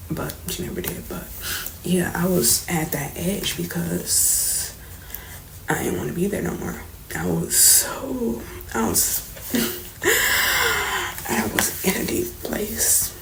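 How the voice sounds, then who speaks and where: A woman's voice: fairly low pitch, sing-song, takes it slowly, vocal fry, pauses often. A young woman telling a personal story in a casual, candid vlog, slangy and swearing as she goes. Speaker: vlogger telling her story. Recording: roomy echo, faint background noise.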